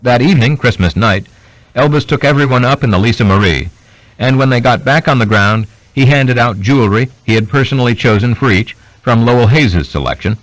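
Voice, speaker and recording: A man reading a biography aloud as an audiobook narrator, in steady scripted narration. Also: medium pitch, brisk, no echo, poor audio. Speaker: audiobook reader.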